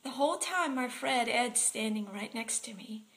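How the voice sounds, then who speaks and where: A woman telling a personal story in a soft, half-whispered, heartfelt way. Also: a little high, animated, normal speed, rough recording. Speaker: speaker sharing a personal story.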